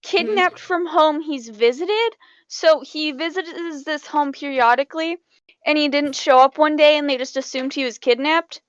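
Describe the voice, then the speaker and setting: A bubbly teenage girl on a casual podcast with a very high voice. She cuts in with quick questions. Her sound is dry and close. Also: dry recording, muffled recording. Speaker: podcast co-host. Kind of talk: casual chat.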